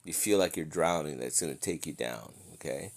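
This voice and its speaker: A man teaching scripture in an informal, conversational way, slowing down to read verses aloud and often checking in with his listeners. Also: a bass voice, vocal fry. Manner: conversational, checks in with "okay?" and "right?". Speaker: bible teacher.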